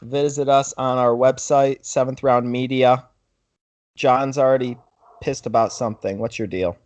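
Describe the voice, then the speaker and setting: A man's voice: medium pitch, steady tone, moderate pace, a little mellow, dry recording. A young man hosting a podcast, telling a story casually in a rambling way, full of "like". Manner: rambling storyteller, heavy use of "like". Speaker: podcast host.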